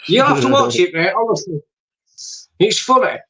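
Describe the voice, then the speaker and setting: Excitable high-voiced man. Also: moderate pace. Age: middle-aged. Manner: excitable, swears freely, laughs a lot. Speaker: guest on a livestream. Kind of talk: casual banter. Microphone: on a tablet, call audio.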